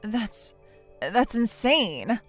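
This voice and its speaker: A whiny, naive young wife, voiced by a synthetic woman, hesitant and pleading as she makes excuses. Her voice sits a little high, and faint music runs under the text-message story. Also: very animated, very slow, heavily acted. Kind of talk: text-to-speech text story narration.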